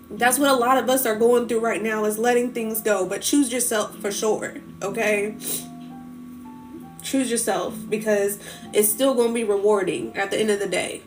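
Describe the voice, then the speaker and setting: A woman's voice: fairly high pitch, steady tone, normal speed, soft background music. A woman hosting a spiritual livestream, speaking in a heartfelt, rambling way full of fillers, getting tearful as she talks about healing. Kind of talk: emotional casual livestream talk.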